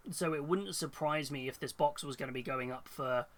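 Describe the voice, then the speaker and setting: A man whose voice is on the high side and fairly bright talks at a normal speed, congested with a cold. He rambles casually on a live hobby stream, thinking aloud with lots of fillers and restarts while reading chat.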